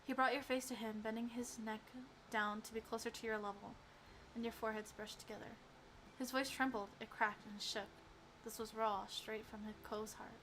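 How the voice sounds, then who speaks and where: A woman streamer reading a visual novel aloud and reacting excitedly between calm narration. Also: fairly high pitch, normal speed, a little hiss or hum.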